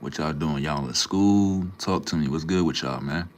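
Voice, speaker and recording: Very deep-voiced laid-back man. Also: moderate pace, slight background noise. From Minnesota, USA. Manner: laid-back, slangy, greets chatters by name. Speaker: livestream host. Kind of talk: casual livestream chat with viewers.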